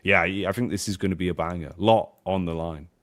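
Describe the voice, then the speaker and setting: A man's voice: sits low, steady tone, brisk, fairly bright tone. A man co-casting an esports match in a casual, chatty way, posing and answering his own questions. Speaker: esports caster. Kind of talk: esports draft analysis commentary.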